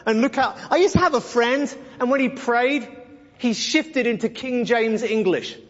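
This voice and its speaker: A man's voice: very high-pitched, lively intonation, a little slow. A man preaching a sermon-style Bible teaching, blunt and sarcastic, often mimicking other people's voices to make his point. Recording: dull recording with long hall reverb.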